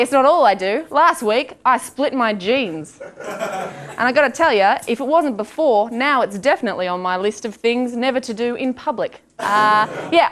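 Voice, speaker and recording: A young woman doing a stand-up comedy set on stage, self-deprecating, with quick asides and acted-out quotes. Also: a little high, fairly bright tone. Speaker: stand-up comic. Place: comedy stage before live audience. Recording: live room with audience laughter and noise.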